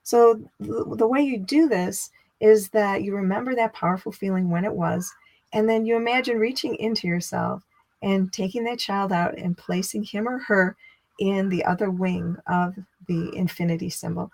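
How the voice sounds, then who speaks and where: Speaking at a moderate pace with a mid-range voice, a middle-aged woman delivers a spiritual teaching talk. She's expressive and conversational, lifting her tone to play out inner dialogue.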